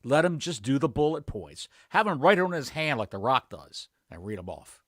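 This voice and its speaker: Male co-host, bright tone, animated storyteller, dry close-miked sound. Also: medium pitch, moderate pace, dry recording. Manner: animated storyteller, jokey asides. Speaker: podcast co-host. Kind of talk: casual chat.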